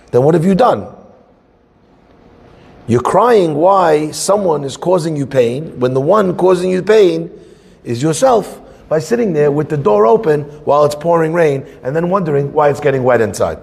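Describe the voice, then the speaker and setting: A man teaching a Torah class as a rabbi, conversational and animated, acting out little scenes. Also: a little high, moderate pace, creaky, husky, big-room sound.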